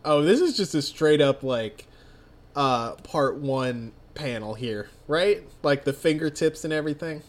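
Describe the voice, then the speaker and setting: A man's voice: a little high, expressive, unhurried. A man co-hosting a casual comic read-along who jokes crudely and laughs a lot. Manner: joking, crude, laughs often. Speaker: co-host reading a comic aloud.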